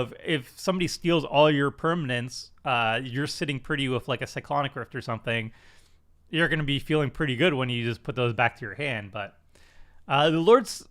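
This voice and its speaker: A man's voice: medium pitch, a bit bright. A man hosting a card game stream, talking casually with lots of fillers and restarts in a chatty, self-deprecating way. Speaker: commander stream host. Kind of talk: casual card review chat.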